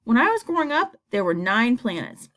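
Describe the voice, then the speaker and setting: A woman voicing a gentle mother who speaks softly to calm her child. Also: on the high side, normal speed. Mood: soothing. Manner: soft, calming.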